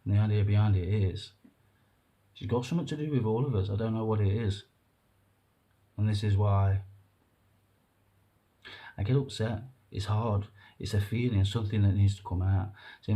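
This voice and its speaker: Man, vlogger, mellow warm tone; earnest, rambling, halting delivery. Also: lowish voice, fairly even intonation. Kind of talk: emotional personal monologue to camera.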